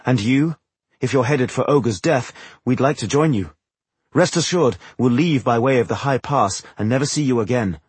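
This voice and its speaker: A man voicing a proud, scornful sorceress woman in an audiobook, speaking bluntly with a husky voice. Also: medium pitch, normal speed, no echo, natural voice.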